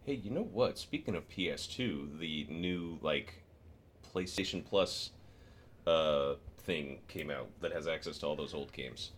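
A man co-hosting a podcast in casual chat, animated and laughing often as he tells stories. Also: very deep voice, measured pace, a little hiss or hum. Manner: animated, laughs often, storytelling with bursts of excitement. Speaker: podcast co-host.

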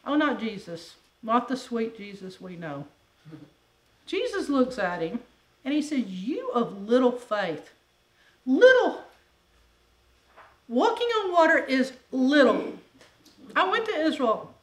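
A woman preacher giving a sermon in a conversational, animated way, full of rhetorical questions. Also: high-pitched, measured pace. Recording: echoey room with faint ambient noise.

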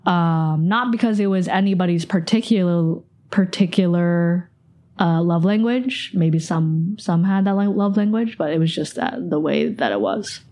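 A woman's voice: fairly low pitch, expressive, measured pace, mellow. A young woman in her twenties hosting a podcast, sharing a personal recollection in a casual, rambling way with lots of "like". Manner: casual, rambling, heavy use of "like". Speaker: podcast host.

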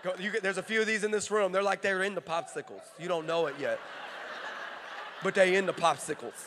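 A man preaching a sermon, telling stories in an animated, playful way that often breaks off and restarts. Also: high voice, fairly quick, background noise. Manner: animated, playful storytelling with frequent self-interruptions. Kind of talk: sermon with comic storytelling. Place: large armory hall. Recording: long reverb of a large hall.

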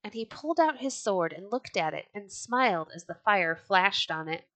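A woman reading a classic tale aloud for a storybook podcast, with expressive storytelling. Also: mid-range voice, moderate pace, no room sound.

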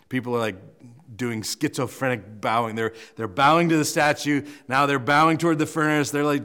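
A male pastor preaching a sermon, animated and joking as he retells a scripture story, with frequent restarts. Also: mid-range voice, moderate pace, smooth.

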